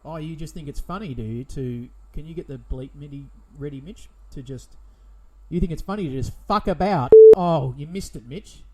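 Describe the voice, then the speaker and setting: A man with a notably high voice hosts a comedy radio show. He rants and frets in a theatrical, indignant manner, swinging between panic and exasperation. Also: moderate pace. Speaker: radio host.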